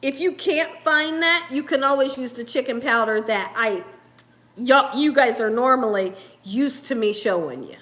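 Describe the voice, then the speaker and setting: A woman's voice: high voice, lively intonation, normal speed, fairly bright tone. A woman hosting a live cooking stream in a casual, chatty way, laughing often and reading viewer comments aloud. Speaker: cooking show host.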